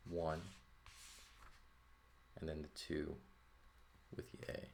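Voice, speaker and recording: A man teaching a language lesson in a relaxed walkthrough, thinking aloud and often checking in with "right?". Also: a bass voice, slow pace, vocal fry, a little hiss or hum. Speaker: Greek teacher.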